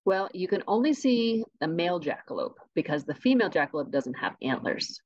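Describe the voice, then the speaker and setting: A woman guesting on a podcast, telling tall tales about a mythical animal with a deadpan delivery. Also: fairly low pitch, brisk, no room sound, muffled recording. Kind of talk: tongue-in-cheek podcast interview.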